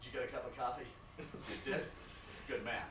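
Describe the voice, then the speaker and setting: A man's voice: mid-range voice, steady tone, fairly quick, pitched below the performer's own voice, natural voice. A man voicing a chummy lawyer who rambles and chuckles through a story. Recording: echoey room, distant mic, noisy.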